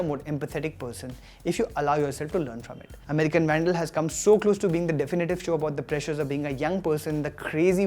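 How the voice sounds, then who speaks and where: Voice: mid-range voice, a little mellow. A host of an online TV review show, delivering a scripted countdown with enthusiastic, jokey asides.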